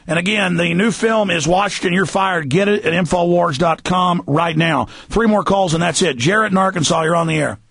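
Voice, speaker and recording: A male talk radio host delivers a heated, emphatic rant in a high-pitched, husky, gravelly voice, pressing hard on his points and sometimes shouting. Recorded dry and close to the mic with no echo, he talks fairly quickly and rarely pauses.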